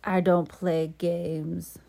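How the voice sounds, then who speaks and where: Lonely aloof girl dragon from a homemade story, a lady voicing her, low-ish voice, slow and plain, dry close sound. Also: darkish tone, no room sound. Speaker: parent joining a child's made-up story. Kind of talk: improvised bedtime-story role-play.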